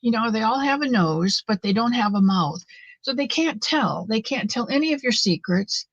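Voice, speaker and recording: A woman's voice: on the high side, animated, moderate pace, no room sound, dull audio. A middle-aged woman hosting a live knitting stream, chatting casually and earnestly with viewers in a motherly way. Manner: warm, motherly, talks straight to viewers; earnest and faith-filled.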